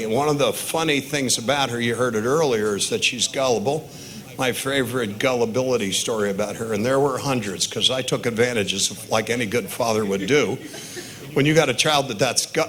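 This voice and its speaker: A man's voice: medium pitch, fairly bright tone. 60s dad doing a wedding toast, storytelling, laughs at his own jokes. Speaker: father of the bride giving a toast. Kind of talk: wedding reception speech.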